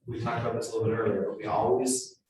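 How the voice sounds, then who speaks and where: A man's voice: mid-range voice, rapid-fire. Blunt man teaching in an echoey room. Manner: blunt, animated, acts out quoted voices. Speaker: real estate trainer. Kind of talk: live training talk to agents. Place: training room with an audience. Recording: roomy, echoey hall from far off.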